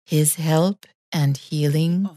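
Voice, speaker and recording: Slow, measured woman preaching. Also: deep voice, steady tone, warm tone, no room sound, studio quality. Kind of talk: scripted spiritual sermon.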